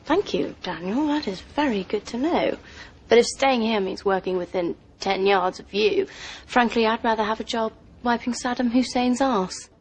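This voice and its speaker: Casting: a prim, cutting young Englishwoman, English accent, breathy edge. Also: on the high side, normal speed. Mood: icy. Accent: English, put on by an American. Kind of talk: film scene.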